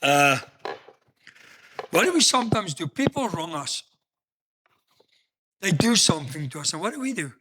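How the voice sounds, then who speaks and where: A man pastor preaches with lively, emphatic delivery, asking rhetorical questions and telling anecdotes. His voice sits high for a man and sounds bright and forceful. His pitch swings widely as he presses his points. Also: normal speed, pauses often, a little hiss or hum. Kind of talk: sermon.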